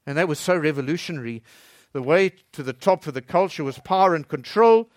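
A man's voice: fairly quick, no echo. Preacher man, dry close sound. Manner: swings between loud emphatic and soft low delivery. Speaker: pastor. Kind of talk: sermon.

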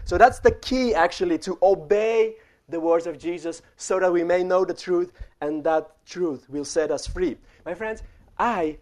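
Young male preacher, high tenor, chatty sermon storytelling that speaks straight to the room. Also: darkish tone. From refugee childhood in the Netherlands. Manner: storytelling, addresses the congregation directly.

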